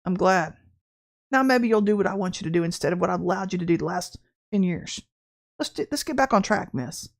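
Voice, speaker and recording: A woman's voice: lowish voice, lively intonation, a little fast, creaky, pitched below the performer's own voice. A woman voicing God as a firm, matter-of-fact male divine voice within her talk.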